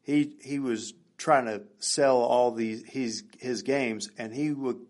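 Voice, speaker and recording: A man's voice: medium pitch, fairly even intonation, slow, darkish tone. A man from Tennessee, a podcast guest, telling memories in a chatty way with many fillers. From Nashville, Tennessee. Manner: chatty, laughing between fillers. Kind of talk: casual chat.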